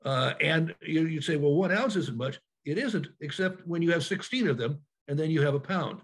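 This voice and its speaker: Man, husky voice, fairly high pitch, webinar presenter, frequent ums and restarts, video call sound. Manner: halting, many fillers and restarts.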